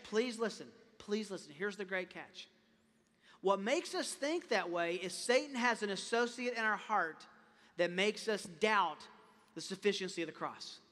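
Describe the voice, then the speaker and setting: A man preaching a sermon as a pastor, impassioned, often repeating words and rising to loud emphatic peaks. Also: high-pitched, brisk. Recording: long reverb of a large hall.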